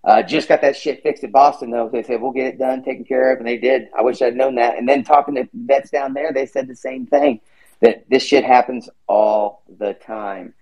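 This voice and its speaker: Man, podcast host, casual rambling chat, lots of swearing, mellow tone. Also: mid-range voice, normal speed, low-quality recording.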